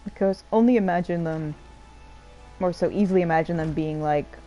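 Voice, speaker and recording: A woman giving rambling, chatty let's-play commentary over a game, quick to laugh. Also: lowish voice, mellow, soft background music, low-quality recording. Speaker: streamer playing a game.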